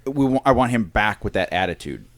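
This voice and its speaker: An American podcast co-host with a fairly low voice that moves a lot in pitch. He talks in an easygoing, rambling way, and the sound is dry and close. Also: big pitch swings, fairly quick, no room sound. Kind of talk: casual chat.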